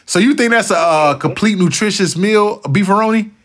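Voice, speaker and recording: A man hosting a casual interview podcast, joking and animated, laughing often and swearing freely. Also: high voice, moderate pace, background noise. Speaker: podcast host.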